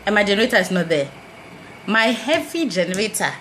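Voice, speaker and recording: A Ghanaian woman vlogging casually, telling a personal story and acting out quoted exchanges with lively jumps in her voice. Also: fairly quick, slight background noise, poor audio. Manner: animated, acts out quoted dialogue with big pitch jumps.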